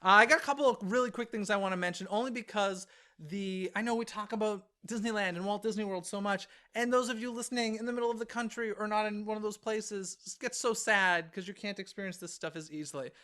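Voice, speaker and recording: Guy cohosting a podcast, kinda high voice, chatty and excitable, laughs a lot. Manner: chatty and excitable, laughs often, quick asides. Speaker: podcast co-host. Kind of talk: casual chat.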